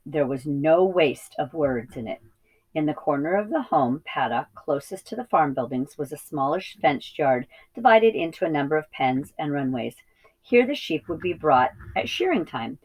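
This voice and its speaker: A woman with a low voice reads a children's novel aloud, teacher-style, at a steady pace. She now and then stumbles on a word and corrects herself. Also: poor audio. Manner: steady reading with small slips and self-corrections. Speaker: reading teacher. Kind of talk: storybook read-aloud.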